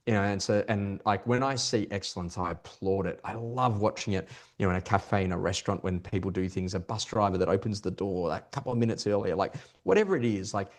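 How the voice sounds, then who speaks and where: A middle-aged man, a performance coach, talking as a guest in a podcast interview, telling stories quickly with lots of restarts. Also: fairly low pitch. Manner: fast, animated storytelling with many restarts.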